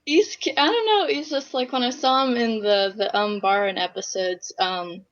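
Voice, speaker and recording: A woman's voice: fairly high pitch, normal speed, lo-fi sound. A woman joining a podcast chat as a guest, giggly and hesitant and full of ums.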